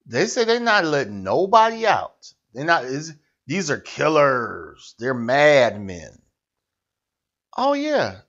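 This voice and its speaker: A man's voice: on the high side, wildly swooping pitch, takes it slowly, a bit bright, dull audio. A man hosting a satirical news show, ranting with mocking sarcasm. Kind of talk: comic political rant.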